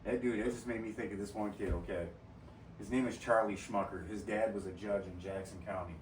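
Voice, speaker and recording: A man's voice: fairly low pitch, fairly even intonation, fairly quick, far from the mic, a little hiss or hum. A man hosting a podcast in casual chat, telling profane stories and laughing often. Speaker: podcast host. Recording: roomy echo from off-mic, faint ambience.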